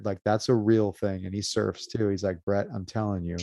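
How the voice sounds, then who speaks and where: A man's voice: lowish voice, fairly even intonation, moderate pace, warm tone, dry recording. A man hosting a podcast, chatting casually and reacting with short remarks. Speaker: podcast host. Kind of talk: casual interview chat.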